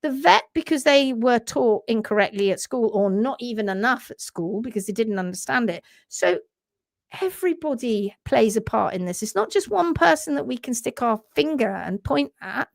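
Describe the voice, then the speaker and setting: A woman co-hosts a live podcast with fervent conviction. Her slightly high voice carries a gravelly texture. The sound is close and dry with no room around it. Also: expressive, normal speed, no echo. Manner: passionate, reads viewer comments aloud. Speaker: podcast co-host. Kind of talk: casual live podcast chat.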